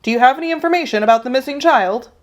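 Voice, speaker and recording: A woman reading aloud to children, voicing a brisk adult man who answers a police tip hotline in an official, blaring way. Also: sits high, pitched above the performer's own voice, close to an everyday voice.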